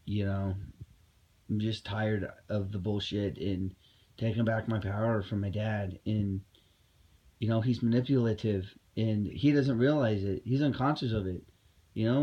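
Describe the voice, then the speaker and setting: A man's voice: mid-range voice, dull audio. A man talking in a casual vlog monologue, rambling and heated, with many fillers and restarts, recorded at home. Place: at home indoors.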